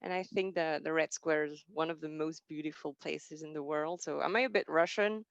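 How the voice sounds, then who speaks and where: A woman's voice: low voice, steady tone, normal speed, creaky, no echo. Candid French-born woman giving a talk. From France. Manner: candid, conversational, with frequent fillers and self-corrections. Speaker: speaker at an alumni talk. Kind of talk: personal talk to an audience. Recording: dry and dull, slightly lo-fi sound.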